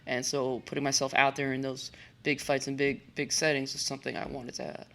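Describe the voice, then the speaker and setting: A woman, a boxer and coach, talking as a guest in a relaxed interview, rambling with fillers and restarts. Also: rumbling low, fairly quick. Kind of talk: casual conversational interview.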